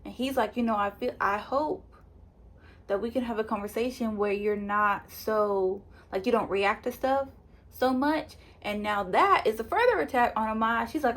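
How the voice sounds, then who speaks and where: A woman giving a chatty, animated recap of a reality show, acting out the people she quotes. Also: a little high, moderate pace. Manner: chatty, animated retelling with quoted voices and laughs. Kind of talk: casual spoiler review.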